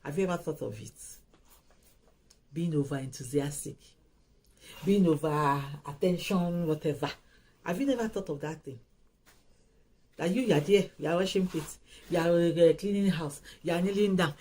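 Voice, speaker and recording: Woman talking about relationships, husky lowish voice, lively and emphatic. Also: normal speed, long pauses, low-quality recording. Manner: animated, emphatic, repeats phrases and restarts. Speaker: host. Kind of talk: casual advice talk.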